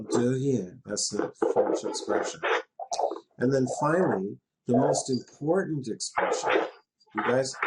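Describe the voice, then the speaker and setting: A man's voice: mid-range voice, noisy background. Chatty middle-aged male teacher. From Canada, West Coast. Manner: patient, chatty, laughs as he explains. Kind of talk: classroom lesson in a virtual world.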